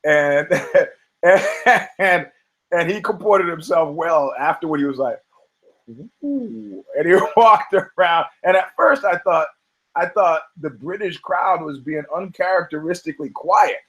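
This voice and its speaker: A man's voice: on the high side, animated, a little slow, a bit bright, poor audio. A man hosting a podcast, chatting casually and profanely, rambling from thought to thought and laughing often as he talks. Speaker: podcast host. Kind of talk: casual podcast banter about fighting.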